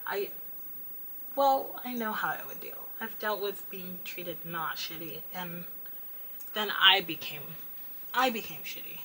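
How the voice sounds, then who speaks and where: A woman's voice: on the low side, lively intonation, a little slow, long pauses, pushed and bright, a little hiss or hum, poor audio. A young woman vlogger rambling candidly late at night, self-deprecating and swearing often as she vents.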